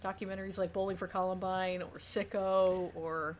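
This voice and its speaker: A young woman co-hosting a podcast in easygoing conversation, her voice sitting somewhat low. She rambles through her points with plenty of fillers and restarts. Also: little pitch movement, normal speed, a little hiss or hum. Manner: chatty, rambling, many fillers. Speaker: podcast co-host. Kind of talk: casual chat.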